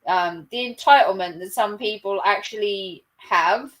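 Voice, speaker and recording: A woman's voice: medium pitch, measured pace, a bit bright, low-quality recording. A woman hosting a livestream, chatting casually and rambling with many fillers. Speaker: livestream host. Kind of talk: casual reaction chat.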